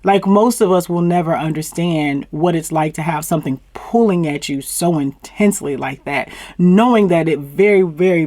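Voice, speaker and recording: Sitting low and a little mellow, with no echo, her voice carries casual reality-TV recap commentary for her channel. She's emphatic and sassy, tossing in mocking laughs and southern phrases like "plumb fool."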